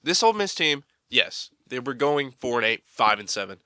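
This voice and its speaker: Male sports podcast co-host, smooth and bright, animated and mocking, dry close sound. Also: medium pitch, moderate pace, no echo. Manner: animated, mocking, builds to excited outbursts. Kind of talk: casual sports chat.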